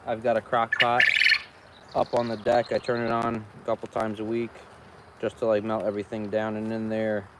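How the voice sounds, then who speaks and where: A man's voice: fairly low pitch, monotone, normal speed. A man vlogging outdoors as he inspects his beehives, chatting casually and talking to the bees. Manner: chatty, talks to the bees, exclaims often. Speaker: beekeeper vlogger. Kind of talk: casual running commentary. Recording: outdoor noise in background.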